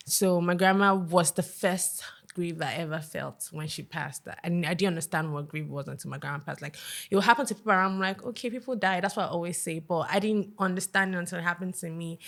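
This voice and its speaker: A woman guest on a podcast, telling a personal story in a soft, hesitant way with many fillers. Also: fairly low pitch.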